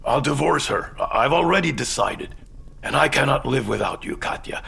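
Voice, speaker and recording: A man's voice: medium pitch, lively intonation, moderate pace, gravelly, pushed and bright, husky, heavily acted. An actor playing a blunt, rude married man proposing in a dubbed melodrama. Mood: earnest. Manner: blunt, insulting. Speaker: dubbed drama character.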